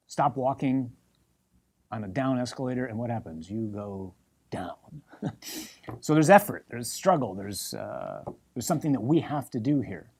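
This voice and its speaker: Husky priest guy giving a sermon, emphatic, repeats stuff for punch, middle pitch. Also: moderate pace, pauses often. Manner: animated, emphatic preaching with repetitions.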